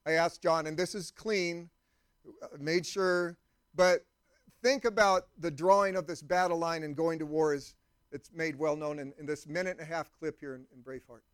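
A male pastor giving a sermon with a fairly high voice. He talks conversationally and keeps turning to the congregation with questions. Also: fairly even intonation, normal speed, smooth.

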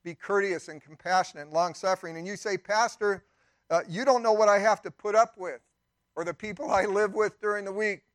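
Older man, pastor, sermon, high voice, dry close sound, conversational, acted-out asides. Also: fairly even intonation, no echo. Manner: conversational preaching with asides and quick acted-out quotes. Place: church.

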